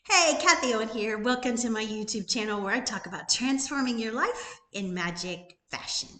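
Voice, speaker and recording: A woman's voice: a little high, lively intonation, moderate pace, sharp tone, soft background music. A middle-aged woman, a life coach, giving an emphatic motivational talk full of rhetorical questions. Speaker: life coach and YouTube host. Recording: roomy echo.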